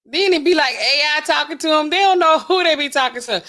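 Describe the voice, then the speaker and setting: A talkative woman hosting a livestream, speaking in a fairly high voice. She keeps up a loose, animated commentary and talks directly to her chat. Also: a little fast, few pauses. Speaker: livestream host.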